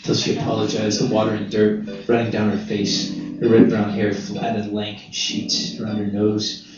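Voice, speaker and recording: Man reading a story, low voice, roomy sound. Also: monotone, moderate pace. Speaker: narrator. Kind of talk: literary fiction reading. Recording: roomy distant dull recording with guitar.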